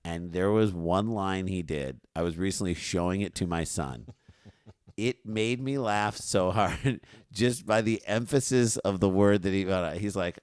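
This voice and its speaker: A man's voice: deep voice, measured pace, a little mellow, clear, resonant tone, no room sound, clean studio sound. A man in his forties, a comedian guest, telling stories and laughing through casual podcast chat.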